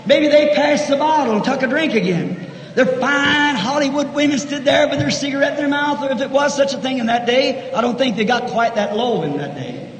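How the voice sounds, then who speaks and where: A man preaching a fervent sermon, swinging from shouted lines to hushed asides in a large church. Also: very high voice, fairly quick. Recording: echoey 1960s church hall recording with faint noise.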